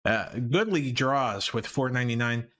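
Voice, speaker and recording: Young guy streaming, bright voice, swears a lot, laughs at himself. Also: mid-range voice, lively intonation, moderate pace, a little hiss or hum. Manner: profane, self-mocking, laughing often. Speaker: livestream host. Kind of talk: casual live stream commentary.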